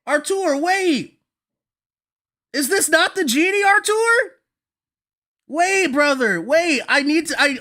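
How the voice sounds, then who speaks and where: A woman livestreaming a reaction to a manga chapter, talking straight to her chat in an excitable, hyped-up way that can tip into frantic shouting. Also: sits high.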